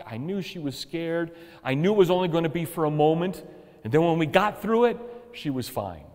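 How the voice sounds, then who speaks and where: Male pastor, mid pitch, earnest storytelling sermon, long hall reverb. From United States. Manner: earnest storytelling preacher, swells louder and higher at climaxes.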